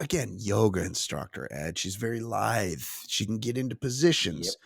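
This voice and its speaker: A man co-hosting a crude comedy sports podcast, animated and breaking into silly voices. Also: fairly low pitch, normal speed, creaky, hardly any pauses, husky, dry recording, studio quality. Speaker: podcast co-host.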